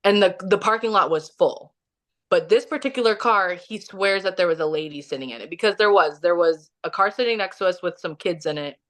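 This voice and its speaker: A woman with a somewhat low voice tells a personal story as a podcast guest. Her talk is casual and chatty, filled with "like", and she acts out what people said. She is from Kansas City, Missouri. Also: a little fast, fairly bright tone. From Kansas City, Missouri, USA. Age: young adult or middle-aged, has a son. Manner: chatty, heavy use of "like", acts out quotes.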